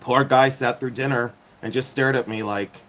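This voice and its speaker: A man's voice: medium pitch, steady tone, moderate pace, a bit bright. Rambling nasal man hosting a livestream. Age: middle-aged. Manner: rambling, self-mocking, reads chat aloud. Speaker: livestream host reselling vintage jewelry. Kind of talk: casual livestream chat.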